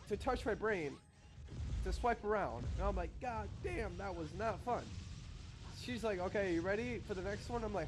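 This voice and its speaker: A young man telling a story in a casual, rambling way, swearing freely and acting out both sides of each exchange. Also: high voice. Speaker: vlogger.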